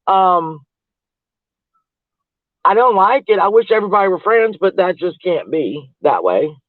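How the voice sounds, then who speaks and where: A woman's voice: lowish voice, sing-song, measured pace, dry recording. A woman livestreaming, chatting casually with viewers in a gossipy, rambling way and laughing often. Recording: tinny phone-like audio, dry.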